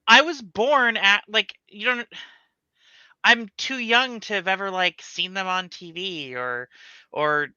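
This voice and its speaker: Excitable player, bright voice, dull mic. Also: mid-range voice, slow, smooth, no echo. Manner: excitable, laughing, swearing. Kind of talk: tabletop game chat.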